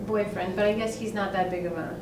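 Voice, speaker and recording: A woman's voice: medium pitch, steady tone, fast talker. A woman acting student answering her coach in class, hesitant and thinking aloud. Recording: echoey room, distant mic, background noise.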